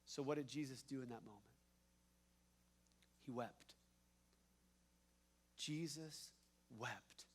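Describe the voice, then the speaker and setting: A male pastor preaching a sermon. He swings from hushed, slow lines to loud, emphatic ones, with a repeating cadence and playful asides. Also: mid-range voice.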